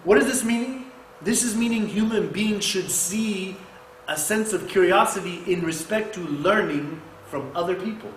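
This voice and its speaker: Animated high-voiced man giving a sermon. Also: normal speed. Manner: animated, rhetorical questions, quotes Arabic scripture. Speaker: mosque speaker. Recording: echoey room with faint noise.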